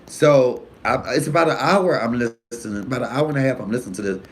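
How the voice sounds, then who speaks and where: Man, comedian from Detroit, casual live-stream storytelling, profane, lively swinging pitch, mid-pitched voice. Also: fast talker, a little hiss or hum. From Detroit, USA. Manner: animated, profane, swings between loud and hushed.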